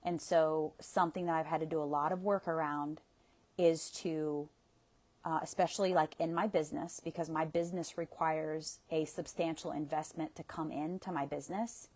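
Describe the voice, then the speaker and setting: A woman's voice: deep voice, steady tone, normal speed, darkish tone. A woman coach guiding listeners through a tapping session, speaking with soothing guidance and audible sighs between prompts.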